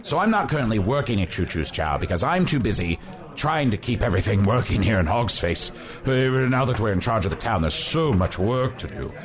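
A man's voice: fairly low pitch, sing-song, fairly quick. A man voicing a pompous male fantasy wizard who talks in grand, archaic phrases in an improvised comedy podcast. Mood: eager.

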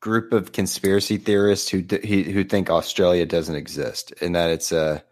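Deep-voiced hesitant podcast guy. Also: little pitch movement, normal speed, darkish tone. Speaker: podcast co-host. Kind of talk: casual banter.

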